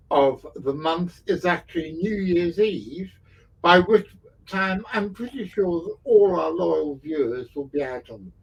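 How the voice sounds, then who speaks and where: Host, male, slow husky delivery, rambling chat. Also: sits high, highs cut off. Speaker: podcast host. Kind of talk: casual chat.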